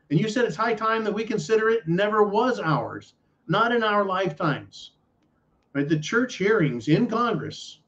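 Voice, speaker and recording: A man hosting a podcast, rambling and ranting with profanity and sarcasm. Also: fairly high pitch. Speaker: podcast host. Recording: dull lo-fi audio.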